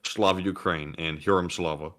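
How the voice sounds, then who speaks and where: A man's voice: low voice, fairly even intonation, moderate pace, a bit bright. A man co-hosting a live stream, reading viewer messages and making dry jokes. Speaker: co-host reading super chats. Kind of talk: casual live-stream banter.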